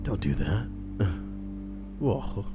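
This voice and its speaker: A fairly low male voice reads workplace stories on a stream, swearing freely and tossing quick, wry asides to his chat. Music plays steadily beneath him the whole time. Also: very animated. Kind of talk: casual live stream narration. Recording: background music playing.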